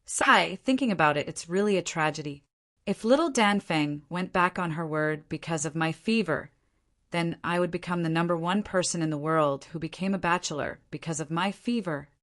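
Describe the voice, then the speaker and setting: A boastful young man who cannot stop chattering, spilling self-pitying complaints and daydreams in a loose, rambling stream, read out by a woman narrator. The voice sits fairly low and keeps up an easy storybook flow. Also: moderate pace, fairly bright tone, natural voice.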